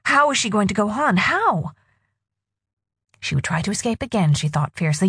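A woman narrating a novel in a husky voice with expressive storytelling. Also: medium pitch, normal speed, long pauses, no room sound, studio quality. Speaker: audiobook narrator. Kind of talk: scripted narration.

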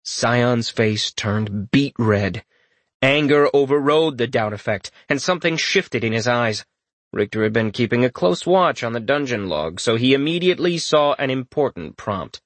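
Expressive male audiobook narrator. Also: mid-range voice, moderate pace, dry recording. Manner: expressive, storytelling.

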